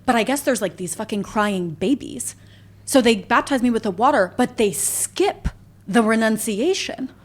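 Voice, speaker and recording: A woman's voice: a little high, expressive, normal speed. A young adult woman co-hosting a podcast, telling stories animatedly with casual swearing. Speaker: podcast co-host. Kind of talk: casual chat.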